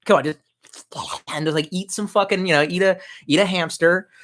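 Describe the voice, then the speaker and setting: A young man who's had a few drinks streams live, swearing freely and rambling as he reads comments from his chat. His high voice is a bit bright and fairly quick, with fairly even intonation.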